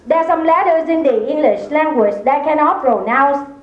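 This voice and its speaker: This Vietnamese stand-up comedian, speaking with a Vietnamese accent, has a high-pitched voice with lively intonation. She delivers her punchlines slowly and deliberately on a comedy club stage, captured in an echoey, lo-fi recording.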